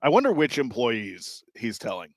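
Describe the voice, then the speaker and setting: A man co-hosting sports radio, making wry deadpan jokes in live banter. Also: mid-range voice, moderate pace, no room sound.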